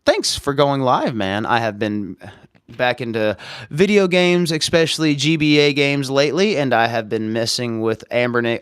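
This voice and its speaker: A man's voice: mid-range voice, lively intonation, moderate pace, clean tone, dry recording, clean studio sound. A man, hosting a casual livestream about modding game consoles in a goofy, rambling, slangy way. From Arkansas. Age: 30s. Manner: rambling, goofy, slangy, bursts into silly voices. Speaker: livestream host, console modder.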